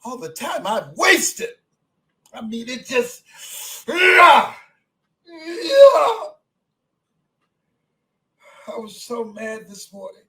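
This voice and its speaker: An older man in his seventies delivers a motivational speech in a strikingly high voice. He hammers his points with repeated phrases, dropping low and soft, then climbing to emphatic shouts. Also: animated, a little slow, rough recording. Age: 70s. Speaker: motivational speaker.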